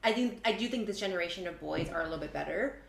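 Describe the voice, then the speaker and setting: Chatty woman therapist, lowish voice, roomy room, faint noise. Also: animated, rapid-fire, creaky. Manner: chatty, many fillers like "um" and "like". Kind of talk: casual panel chat.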